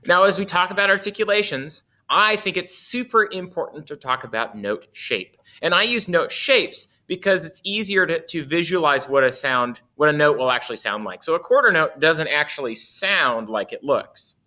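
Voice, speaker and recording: A man's voice: a little high, lively intonation, moderate pace, hardly any pauses, bright, forceful tone. A man teaching a casual music lesson, playful and chuckling often as he explains.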